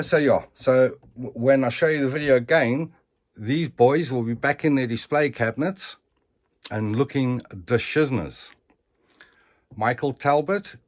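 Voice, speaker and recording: A man in a casual collector's vlog talks at an unhurried, slow pace with a middling pitch. He rambles in a chatty way and keeps tagging his sentences with "eh?". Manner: rambling and chatty, with tag questions like "eh?". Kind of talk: casual show-and-tell vlog.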